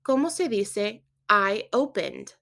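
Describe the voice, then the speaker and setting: A woman's voice: mid-range voice, sing-song, takes it slowly, bright, forceful tone. Patient woman teaching a Spanish lesson. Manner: clear, patient instruction with quiz prompts. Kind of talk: scripted language lesson.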